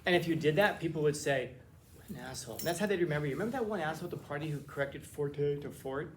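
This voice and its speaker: A man's voice: fairly high pitch, very fast, a little hiss or hum. A man giving a casual, conversational classroom lecture, with joking asides and frequent restarts. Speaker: teacher.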